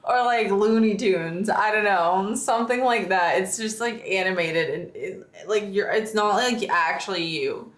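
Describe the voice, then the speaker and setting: Slow-talking young woman, echoey room. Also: medium pitch. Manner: laughs a lot, fillers of like, slangy. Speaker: streamer. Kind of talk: casual chat.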